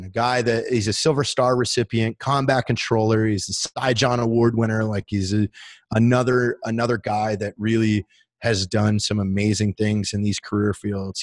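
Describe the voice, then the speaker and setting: A man in his thirties, a military veteran guest, telling a story in casual chat. He swears freely and fills his talk with "like". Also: fairly low pitch. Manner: profane, heavy use of "like" fillers.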